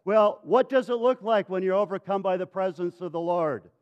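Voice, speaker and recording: A male pastor with a high voice preaches a dramatic sermon, rising loud and then dropping to a hush. The recording sounds a little dull. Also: normal speed, smooth. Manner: dramatic, swinging from loud to hushed.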